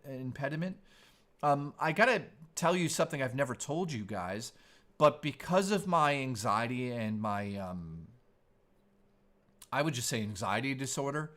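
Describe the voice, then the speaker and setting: A man's voice: on the high side, a bit bright. A man in his forties, a streamer host chatting casually in a laid-back, surfer-style way. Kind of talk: casual live-stream chat.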